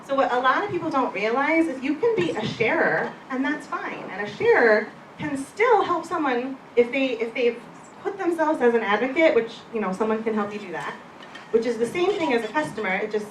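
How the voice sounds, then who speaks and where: A woman giving a live seminar talk to an audience, chatty and conversational with self-deprecating asides. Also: on the high side. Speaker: presenter at a wellness event. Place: event room before an audience. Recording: echoey room, distant mic, background noise.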